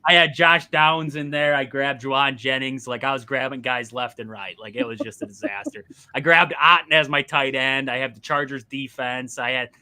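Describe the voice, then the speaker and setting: Bright-voiced man ranting about football. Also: mid-range voice, moderate pace, hardly any pauses, smooth. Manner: animated, exasperated ranting with laughs. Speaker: podcast co-host. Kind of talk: casual sports chat.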